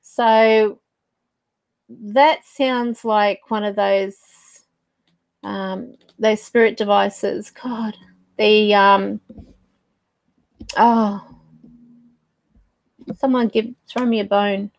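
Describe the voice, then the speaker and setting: A woman's voice: medium pitch, fairly even intonation, drawn-out words, vocal fry, long pauses, no echo. A woman hosting her own channel, talking casually to camera as a psychic medium, rambling and searching for words with fillers. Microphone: desk mic.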